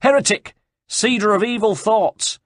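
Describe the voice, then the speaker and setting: Man doing a zealous herald, shrill, declaiming, husky, dry close audiobook sound. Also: normal speed, no room sound, lightly acted. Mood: frenzied. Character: fanatical male herald, zealous preacher of a monk.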